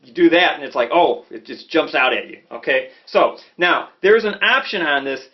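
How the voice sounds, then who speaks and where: A man's voice: fairly high pitch, normal speed. Chicago man teaching saxophone casually. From Chicago, USA. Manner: relaxed, conversational, frequent "okay?" and "you know". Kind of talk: casual instructional talk. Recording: slightly dull lo-fi audio with faint music.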